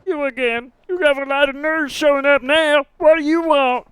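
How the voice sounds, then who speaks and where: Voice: sits high, moderate pace, no room sound. A co-streamer who reads a game's dialogue aloud with jokey asides. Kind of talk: let's play with voiced dialogue.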